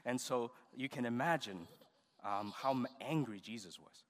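A man pastor leading a children's service, giving animated, coaxing instructions to the kids. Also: medium pitch, normal speed. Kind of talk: children's sermon with puppet skit. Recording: reverberant church hall.

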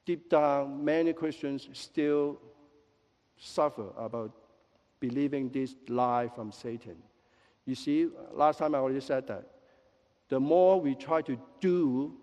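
A male pastor preaches with a slightly high, soft and mellow voice. He teases his congregation with jokes and quick apologies. His words ring out with the long reverb of a large church hall. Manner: lively, with joking asides and quick apologies. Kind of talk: sermon. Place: church sanctuary.

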